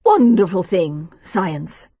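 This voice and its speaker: A woman's voice: fairly low pitch, big pitch swings, slow, dark tone, breathy edge, dry recording, full character voice. A woman voicing a cheerful Irish man with a hearty Irish accent. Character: jovial Irish man, archaeologist.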